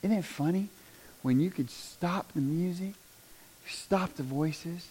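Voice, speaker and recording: A man preaching a sermon, folksy and repetitive, swinging from shouts down to near-whispers. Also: high-pitched, takes it slowly, breathy edge. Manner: folksy, repeats "do you understand".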